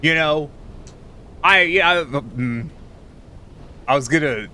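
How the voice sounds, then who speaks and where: A man's voice: fairly high pitch, slow, bright, forceful tone. A man streaming live, chatting casually and teasingly with his viewers while tired and rambling.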